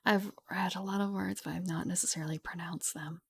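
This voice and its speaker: A young woman streamer reading a game rulebook aloud at home into a studio mic, softly and half-whispered, with chatty asides. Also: lowish voice, fairly even intonation, brisk, gravelly, husky. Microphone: studio mic with pop filter.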